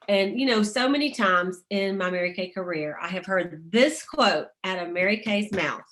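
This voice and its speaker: A woman's voice: medium pitch, moderate pace, few pauses, fairly bright tone. A middle-aged woman leading a motivational sales team call, chatty, laughing often and reading inspirational quotes aloud.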